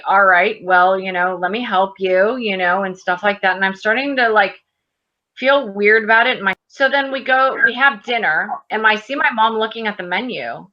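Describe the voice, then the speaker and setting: A woman's voice: medium pitch, pushed and bright, muffled recording. A woman in her thirties telling a personal story in casual conversation, animatedly acting out the dialogue. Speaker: guest.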